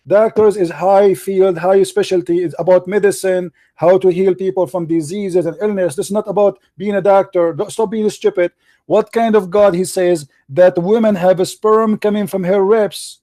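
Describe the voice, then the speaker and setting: A man's voice: high-pitched, fairly even intonation, normal speed, dark tone, no room sound. A man in a heated call-in debate, mocking and talking over the other speaker. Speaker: debater challenging a caller.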